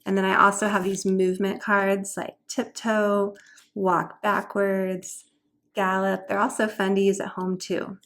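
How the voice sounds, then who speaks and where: A woman's voice: medium pitch, level tone, unhurried, a bit bright. A woman homeschool tutor chattily explaining classroom games and activities, now and then singing short learning songs.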